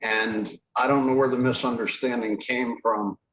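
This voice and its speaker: A man speaking as a town highway superintendent at a public meeting, plainspoken and earnest, with frequent fillers. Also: steady tone, normal speed, a bit bright, a little hiss or hum, low-quality recording.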